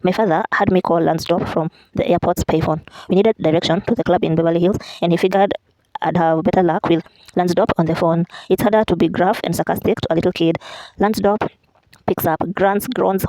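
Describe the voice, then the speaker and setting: A woman reads a memoir aloud at a quick clip, slipping in offhand asides and fixing her own slips as she goes. Her voice is mellow and warm, and the sound is dry and close. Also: on the low side, fairly even intonation, dry recording, poor audio. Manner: reads aloud with self-corrections and chatty asides. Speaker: vlogger reading a memoir aloud. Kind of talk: casual read-aloud.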